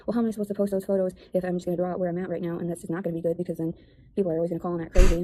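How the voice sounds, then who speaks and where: A woman's voice: fairly low pitch, fairly even intonation, racing, warm tone, a little hiss or hum, poor audio. A woman talking in a rambling, defensive monologue about her life and critics. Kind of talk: casual video monologue.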